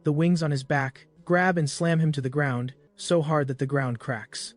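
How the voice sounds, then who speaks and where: Slightly high-voiced male recap narrator. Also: fairly even intonation. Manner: brisk retelling, small slips.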